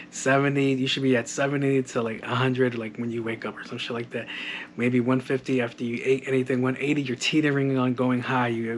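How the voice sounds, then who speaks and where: A man's voice: mid-range voice, a little hiss or hum. A young man hosting a podcast, telling casual stories with lots of swearing and laughing at his own jokes. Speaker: podcast host. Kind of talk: casual storytelling monologue.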